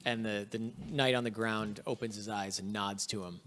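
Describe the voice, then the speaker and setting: A man's voice: lowish voice, moderate pace, slight background noise. A man running a tabletop game as game master, narrating scenes with frequent ums and uhs. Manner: relaxed, filler-heavy narration with frequent ums.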